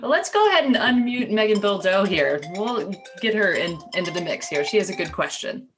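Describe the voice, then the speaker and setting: A woman's voice: medium pitch, lively intonation, fairly quick, fairly bright tone, soft background music. A woman moderating a live podcast over a video call, upbeat and cheerful as she brings in callers. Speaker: coach and show moderator.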